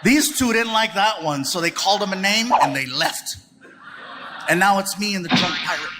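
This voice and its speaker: A male stand-up comedian spins a story on stage and slips in and out of the voices of the people in it. His voice sits high, and his delivery is animated. The stage mic picks up clear audience noise around him. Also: moderate pace, raised voice. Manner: animated, acts out characters in voices.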